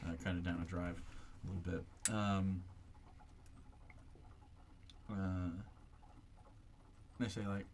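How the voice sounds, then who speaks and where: A fairly low-voiced man narrating a tabletop game as game master, feeling his way through each scene in halting, unpolished phrases. Faint background noise runs under the recording. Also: level tone, gravelly, a little mellow. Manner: halting, many fillers and restarts.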